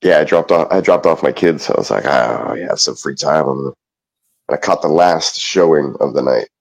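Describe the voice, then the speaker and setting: Really deep voiced middle-aged guy, laid back, laughing through his stories. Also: fairly quick, creaky, husky. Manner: easygoing, laughs often, tells anecdotes. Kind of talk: casual chat.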